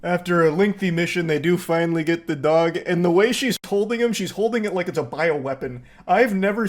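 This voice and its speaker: A man's voice: high voice, fairly quick, few pauses. A man giving sarcastic, profane reaction commentary on a police video. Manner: sarcastic, profane, breaks into laughter.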